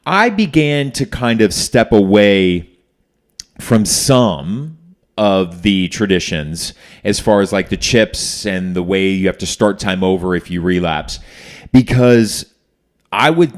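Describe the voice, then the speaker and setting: Guy with a lowish voice on a podcast, emphatic, animated storytelling. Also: takes it slowly. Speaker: podcast host. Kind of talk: conversational storytelling.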